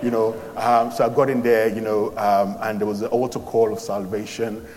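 A man from London telling his conversion story as a sermon testimony, animated, with many fillers and restarts. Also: lowish voice, normal speed, long reverb tail. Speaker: preacher giving testimony.

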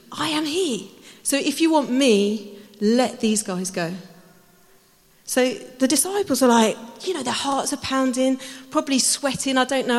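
A woman preaching a sermon, telling the story in a lively way and acting out the voices. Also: on the high side. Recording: hall reverb.

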